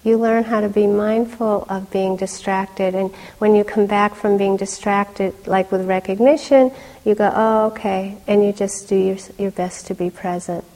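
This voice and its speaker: A middle-aged woman teaching meditation in a dharma talk, conversational, with soft laughs and fillers. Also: medium pitch, fairly even intonation, moderate pace. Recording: long hall reverb.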